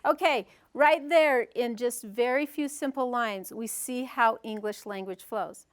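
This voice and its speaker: High-voiced woman teaching a parents' workshop. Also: measured pace. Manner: sing-song, animated reading with playful voices. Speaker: workshop presenter. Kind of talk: teaching workshop with rhyme reading.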